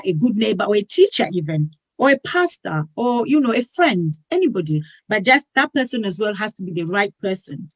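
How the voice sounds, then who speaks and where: A woman hosting a talk show speaks at an ordinary middle pitch, earnest and persuasive. She often repeats a word or phrase as she builds toward her point. The recording is dry and close, with no room sound. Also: no echo, rough recording.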